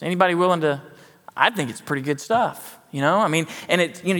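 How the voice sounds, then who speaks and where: Folksy high-voiced pastor preaching. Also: male voice, fairly bright tone, long reverb tail. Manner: folksy, conversational, self-deprecating asides. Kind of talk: sermon. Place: church sanctuary.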